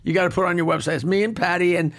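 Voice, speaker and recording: A man with a Long Island accent telling a rowdy anecdote, laughing through his punchlines and talking fast in bursts. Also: high voice, steady tone, a bit bright. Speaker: comedian guest telling a story. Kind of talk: casual storytelling.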